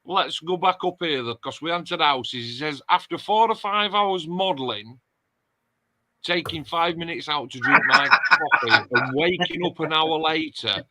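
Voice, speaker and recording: A man's voice: on the high side, moderate pace, bright, forceful tone, slight background noise. A man hosting a casual livestream chat and reading out viewer comments. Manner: chatty, reads out viewer comments. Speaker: host.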